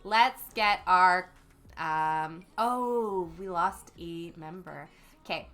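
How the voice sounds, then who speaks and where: A woman's voice: lowish voice, extremely slow, a bit bright, soft background music. A young woman hosting a casual gaming livestream, chatting and reading viewer comments aloud with lots of ums. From Canada. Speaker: livestream host.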